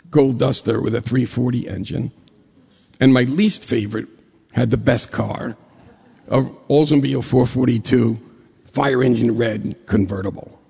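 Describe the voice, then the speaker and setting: A man from New York State telling a personal story to an audience in a lively way, acting out the dialogue as he goes. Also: medium pitch, gravelly, husky, in a large hall.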